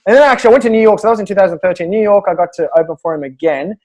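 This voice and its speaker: A quick, high-voiced Australian man spins comedy anecdotes for a podcast interview, animated and chuckling along as he goes. He talks in a brisk tumble of words. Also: rough recording. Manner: animated, chuckling through his own stories. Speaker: guest comedian.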